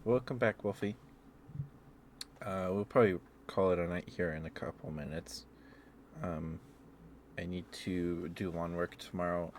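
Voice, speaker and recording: A man streaming ASMR from home, chatting softly and giggling as he greets viewers by name, close to the mic. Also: low voice, steady tone, unhurried, long pauses, slight background noise. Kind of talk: soft-spoken ASMR live stream chat.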